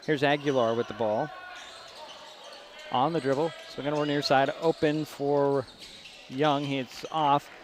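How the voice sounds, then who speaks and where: Man calling high school basketball. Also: fairly even intonation. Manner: brisk, chatty, rises at big plays. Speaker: play-by-play announcer. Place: school gym. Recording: gym noise behind broadcast mic.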